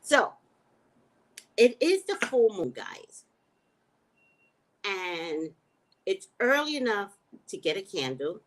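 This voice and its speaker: A woman's voice: mid-range voice, big pitch swings, slow, long pauses, fairly bright tone. A woman hosting a casual livestream, chatting back to viewer comments. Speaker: livestream host and psychic reader.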